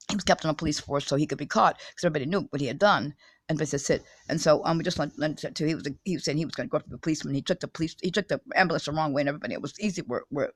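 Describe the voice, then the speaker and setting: In a rambling monologue aimed at her viewers, a woman with a fairly low voice breaks off and restarts often, repeats words, and turns insistent and agitated. It's a self-published video with no echo.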